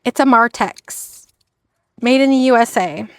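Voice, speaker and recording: A woman's voice: on the high side, unhurried, a little hiss or hum. A woman chatting casually in a haul video, bubbly and self-deprecating as she shows her thrift finds. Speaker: reseller vlogger.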